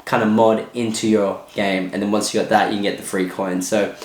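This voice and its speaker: A man's voice: fairly low pitch, flat delivery, fairly quick. Casual man in an echoey room. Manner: casual, repeats filler phrases like "go ahead". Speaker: tutorial host. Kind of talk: casual screen-recorded tutorial.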